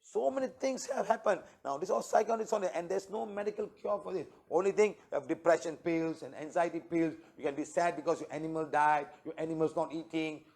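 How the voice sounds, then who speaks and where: A man with a fairly high voice teaches a healing workshop to an audience. He lectures in short spoken phrases and keeps checking in with "okay?" and "huh?". He retells his clients' words as quick quoted exchanges. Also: gravelly, a little mellow.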